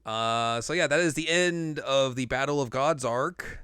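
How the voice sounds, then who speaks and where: A man's voice: mid-range voice, a little slow, bright, forceful tone, clear, resonant tone, no echo, studio quality. A man co-hosting a podcast, casually recapping an episode in a rambling way, with lots of "uh" and "like". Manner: rambling recap with many fillers. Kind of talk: casual chat.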